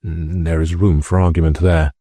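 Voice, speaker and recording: A man's voice: sits low, flat delivery, normal speed, mellow, no echo. A man reading an audiobook, voicing a cool, self-assured young man of a wealthy family who speaks in a composed, slightly haughty way.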